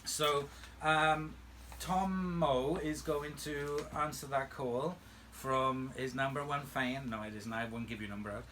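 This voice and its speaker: A man's voice: medium pitch, fairly even intonation, a little slow, fairly bright tone, a little hiss or hum. A man hosting a vacuum restoration channel, chatting casually from home in a playful, teasing way. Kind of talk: casual chat. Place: home room.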